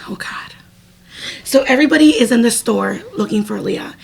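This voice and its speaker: Gravelly, husky young woman telling a story. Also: on the high side, normal speed. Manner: animated, laughing, lots of "like". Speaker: podcast co-host. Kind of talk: casual storytelling chat.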